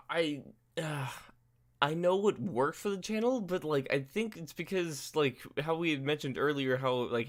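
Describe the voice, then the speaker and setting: A man's voice: medium pitch, fairly bright tone. A man co-hosting a casual podcast, rambling and hesitant, stacking fillers as he thinks. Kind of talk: casual chat.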